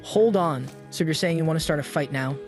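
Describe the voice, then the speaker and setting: Brief: calm, self-assured young hero, read by a male narrator, higher voice. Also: brisk, faint music behind, natural voice. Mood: cool.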